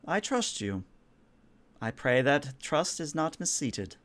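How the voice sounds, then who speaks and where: A noble countess with a high, lilting voice that swoops up and down, as a man puts her on. She beckons and coaxes with airy grandeur in a tabletop game. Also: big pitch swings, slow, a bit bright, full character voice. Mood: solemn. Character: haughty noble countess, woman.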